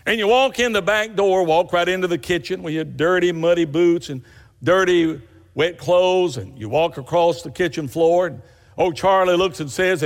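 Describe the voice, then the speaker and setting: A man's voice: high voice, normal speed, in a large hall. A man preaching a sermon, telling folksy stories with rising emphatic bursts.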